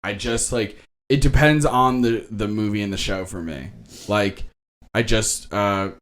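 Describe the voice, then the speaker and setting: A young man co-hosting a podcast, reviewing a movie in casual chat and acting out lines with sudden high jumps. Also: a little slow. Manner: animated, acts out quotes with big pitch jumps. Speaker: podcast co-host.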